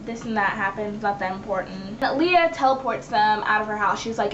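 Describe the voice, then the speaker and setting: A woman's voice: fairly high pitch, expressive, unhurried, hardly any pauses, fairly bright tone. A young woman recapping her web series in a casual, chatty vlog, acting out the characters' lines as she goes. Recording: echoey room, dull lo-fi sound, faint hiss.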